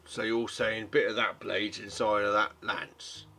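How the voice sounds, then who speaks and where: A man's voice: fairly low pitch, little pitch movement, measured pace, sharp tone. A man running a tabletop game as game master, narrating in a rambling way and correcting himself as he goes.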